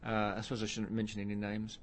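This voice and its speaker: A man's voice: lowish voice, monotone, fast talker, slight background noise. A middle-aged man, a musician guest in an interview, rambling through stories with many fillers and a self-deprecating tone. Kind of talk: casual interview chat.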